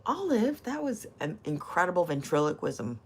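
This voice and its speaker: A woman's voice: on the low side, sing-song, normal speed, darkish tone, breathy edge. An older woman chatting casually on a livestream, reading viewers' messages aloud and teasing them with crude, swearing humor and frequent laughter.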